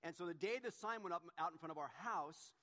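A male pastor giving a relaxed, conversational sermon that gets animated when he retells a story. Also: high voice, quick pace, in a large hall.

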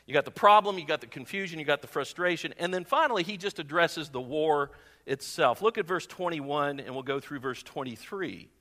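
A man preaching a sermon as pastor, in an animated, conversational way. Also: on the high side, brisk, in a large hall.

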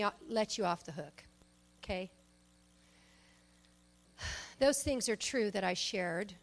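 A woman preaching a sermon, emphatic, shifting between loud exhortation and soft asides and personal stories. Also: mid-range voice. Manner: tells personal stories, acts out quoted speech.

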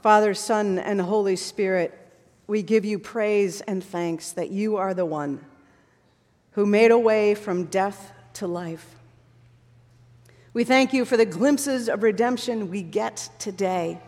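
A woman preaching a sermon in an earnest manner, rising to fervent passages and sinking to hushed closing words. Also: medium pitch, slow pace. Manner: earnest, builds to fervent passages, drops to soft hushed endings. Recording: long hall reverb.

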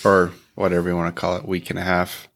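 A man's voice: low voice, completely flat delivery, fast, gravelly, a bit bright. A middle-aged man co-hosting a casual chat show, easygoing, chiming in with short agreeing replies. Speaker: podcast co-host.

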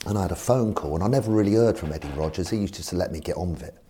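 A former football manager telling anecdotes in an animated way and acting out voices. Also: male voice, low voice, very fast, slight background noise. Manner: animated, acts out voices in his stories. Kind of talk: anecdotal storytelling.

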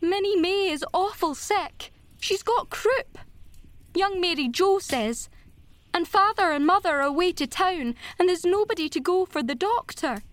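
A woman reading an audiobook, voicing a frightened young girl who pleads urgently for help in a much higher voice. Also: animated, no room sound. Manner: breathless, urgent, slowed pleading.

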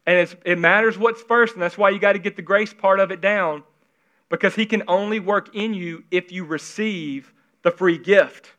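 A man preaching a sermon in an earnest, conversational way, at times dropping into hushed, intimate tones, on a slightly dull recording. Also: sits high, normal speed. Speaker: pastor.

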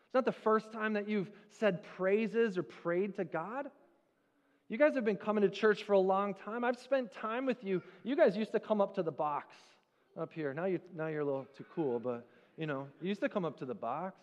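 A high-voiced male pastor preaching a sermon in a church sanctuary. He tells the story in a conversational, animated way, and his voice trails off into a long reverb. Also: normal speed, dull audio.

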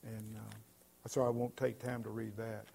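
A male pastor preaching a sermon in an earnest, emphatic way, his voice swelling loudly at points. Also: fairly low pitch, level tone, moderate pace, gravelly, a little hiss or hum.

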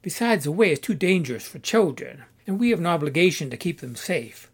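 A man's voice: on the high side, very animated, fairly quick, husky, exaggerated voice. A man voicing a cheerful, busy homemaker mother in a storybook, talking in a chirpy, eager way.

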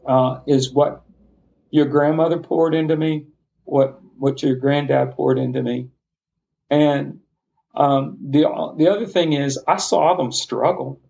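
Heartfelt gravelly middle-aged man. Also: a little high, steady tone, dark tone. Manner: heartfelt, passionate, halting restarts. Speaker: podcast guest. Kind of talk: earnest personal storytelling. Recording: slightly muffled lo-fi sound.

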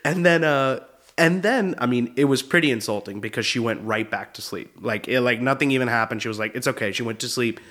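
A young man spins comic stories about his own life, talking loose and casual with plenty of slang. He breaks into laughter at his own tales, and his voice sits at an ordinary middle pitch for a man. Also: a little fast, fairly bright tone. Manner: casual, slangy, says "dude" often; laughs while telling stories. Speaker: comedian and show host. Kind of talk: comedic storytelling monologue.

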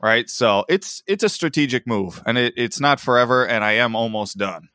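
A man's voice: medium pitch, animated, normal speed, sharp tone, no room sound. Tired man in a dry, close recording. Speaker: podcast co-host. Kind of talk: casual chat.

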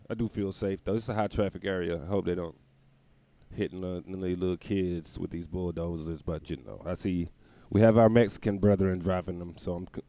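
A man's voice: deep voice, mellow, no echo. A man hosting his own show, rambling through a casual comedic monologue and laughing at his own jokes, talking from a room at home near the windows. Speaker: podcast host.

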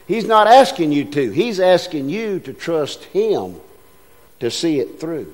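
Older preacher, man, high-pitched, folksy storyteller who slips into character voices. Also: sing-song, normal speed, a little mellow. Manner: homespun storytelling, acts out voices in anecdotes. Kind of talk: folksy sermon with stories.

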